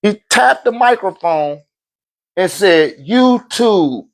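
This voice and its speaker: Male spiritual teacher, 30s, high voice, casual streetwise lecture style. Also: measured pace. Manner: animated, swings into loud shouted quotes; laughs often, swears, street slang.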